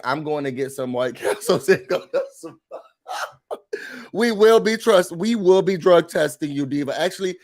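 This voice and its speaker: A man hosting a casual morning commentary show, chatty and joking, acting out little scenes as he talks. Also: a little high. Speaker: host.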